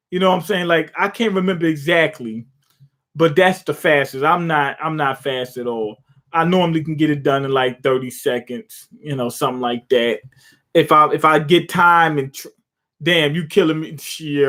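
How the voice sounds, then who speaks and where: A young man with a higher-than-average, slightly bright voice speaks at a normal speed while streaming a live reaction to a manga chapter. He retells the scenes loosely, swearing, joking and laughing along the way.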